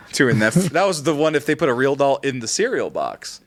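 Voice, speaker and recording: A man co-hosting a podcast in casual chat, joking and rambling, quick to laugh. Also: mid-range voice, very animated. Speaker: podcast co-host.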